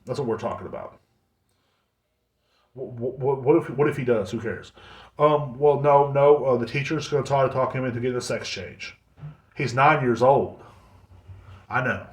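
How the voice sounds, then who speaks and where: A man's voice: medium pitch, normal speed, pauses often. A man rants on his podcast, heated and swearing freely. He mocks other people by putting on their voices. His voice is recorded in an echoey room. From United States. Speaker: podcast host. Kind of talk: profane ranting monologue.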